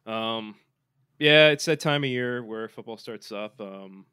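Male podcast co-host, mid-pitched and loose, rambling sports banter, dry room. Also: a little slow, sharp tone, smooth, no echo. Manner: rambling, many fillers and restarts. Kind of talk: casual sports chat.

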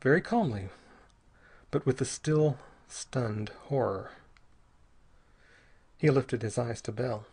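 A man narrating an adventure story in a measured, steady reading voice. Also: medium pitch, husky. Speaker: audiobook narrator. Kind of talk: scripted narration.

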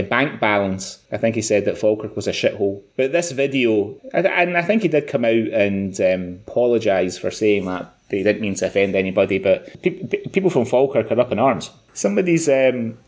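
Guy on a podcast rambling through a story, lots of false starts, mid-pitch voice. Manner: rambling, many restarts, animated storytelling. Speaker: podcast co-host. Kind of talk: casual chat.

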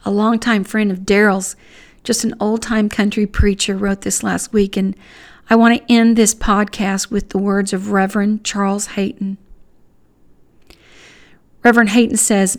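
A woman's voice: medium pitch, little pitch movement, unhurried. A woman hosting a Christian commentary podcast, speaking in an earnest, pointed, conversational way. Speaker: podcast host.

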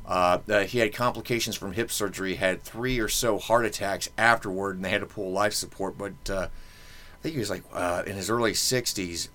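Rambling low-voiced male podcast host. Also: steady tone, moderate pace, pushed and bright. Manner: rambling, joking, many fillers. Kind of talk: casual chat.

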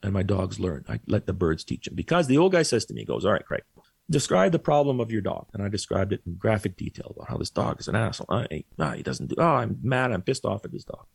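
Man, podcast guest, telling a lively story in a gravelly voice and acting out quotes. Dry close sound. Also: lowish voice, quick pace, hardly any pauses, no room sound. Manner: animated, acts out quoted voices. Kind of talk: casual storytelling.

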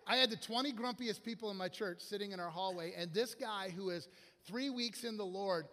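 High-voiced male preacher in a reverberant hall. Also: fairly quick, pushed and bright. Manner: storytelling with acted-out quotes and asides. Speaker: guest pastor. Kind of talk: sermon. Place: church sanctuary. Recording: long church hall reverb.

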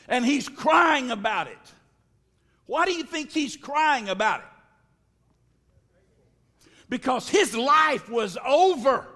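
High-voiced man preaching slowly in a hall. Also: lively intonation. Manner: slow preaching with sudden shouts and drawn-out words. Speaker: pastor. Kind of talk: sermon. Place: church sanctuary. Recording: long reverb of a large hall.

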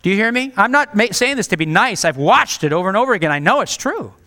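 Earnest, bright-voiced male preacher. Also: high-pitched, sing-song, fast talker. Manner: earnest and direct, pleading with listeners. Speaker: pastor. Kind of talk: sermon.

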